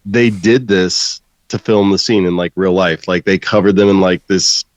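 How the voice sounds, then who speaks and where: A man with a fairly low voice chats on a podcast. He relaxes into film trivia and laughs easily with the others. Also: flat delivery, normal speed, no room sound. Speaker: podcast co-host. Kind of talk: casual chat.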